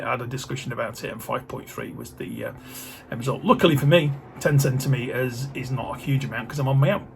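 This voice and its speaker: Middle-aged man, casual vlog chat, mid-pitched, rambling and jokey, faint noise behind. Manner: rambling, jokey, many fillers. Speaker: vlogger.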